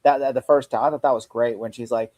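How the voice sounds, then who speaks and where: A man's voice: mid-range voice, steady tone, fast, a little mellow. A man in casual podcast chat, joking around and riffing on scenes as he talks. His voice sits in a middle range. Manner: jokey, mimics lines from the show. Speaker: podcast host.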